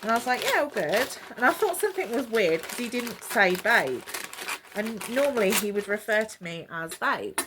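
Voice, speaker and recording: A woman's voice: mid-range voice, big pitch swings, normal speed, noisy background. A woman, chatting to camera and retelling a personal story with lots of quoted dialogue. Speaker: vlogger.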